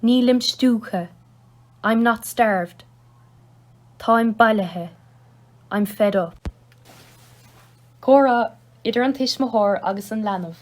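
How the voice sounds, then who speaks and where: Slow-reading woman teaching Irish phrases. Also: fairly high pitch. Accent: Kerry Irish. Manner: reads each Irish word then its English gloss. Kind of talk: slow read-aloud phrase lesson.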